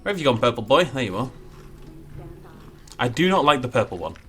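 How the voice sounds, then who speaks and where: A man's voice: medium pitch, big pitch swings, fairly quick, a bit bright, soft background music. A man giving casual, self-mocking commentary while building a park in a game, chatty with jokey asides. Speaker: gaming YouTuber.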